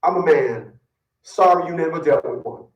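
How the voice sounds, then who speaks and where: A man's voice: on the high side, expressive, moderate pace, echoey room, far from the mic, highs cut off. A man giving blunt, boastful relationship advice in a casual, profane rant, often repeating words as he gets worked up. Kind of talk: casual ranting monologue.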